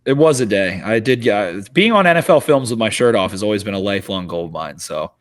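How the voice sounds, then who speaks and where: A man's voice: on the low side, animated, brisk. Baltimore guy, young, loose jokey podcast co-host riffing on football. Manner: joking, boisterous, swears freely. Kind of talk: casual sports chat.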